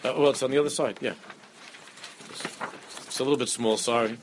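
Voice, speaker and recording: A man giving a lively Torah class, often repeating phrases and mixing Hebrew terms into his English. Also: medium pitch, fairly quick, a little hiss or hum. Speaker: rabbi teaching a class.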